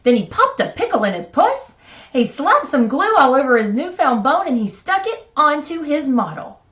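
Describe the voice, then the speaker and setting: Middle-aged mom reading a picture book on a stream, chatty, chuckly, sound a bit dull. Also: female voice, high-pitched, big pitch swings, moderate pace, fairly bright tone. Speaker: host reading a children's book. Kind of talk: picture book read-aloud on a live stream.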